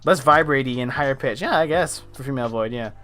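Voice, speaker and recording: Casting: young man, chatty art streamer, mid-pitched, rambling, filler-heavy, faint lo-fi music underneath. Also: fast, sharp tone. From United States. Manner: chatty, rambling, many fillers, laughs often. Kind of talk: casual live-stream chat.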